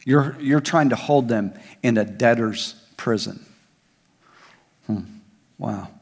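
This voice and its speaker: Male pastor, mid-pitched voice, swinging between loud emphasis and hushed asides, long hall reverb. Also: takes it slowly. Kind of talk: sermon. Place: large church hall.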